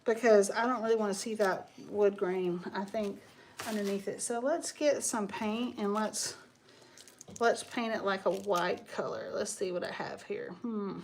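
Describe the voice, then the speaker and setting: A woman's voice: medium pitch, measured pace, darkish tone, a little hiss or hum. A woman hosting a live crafting stream, chatting casually in a rambling way and reading viewer comments aloud as she works. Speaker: craft livestream host.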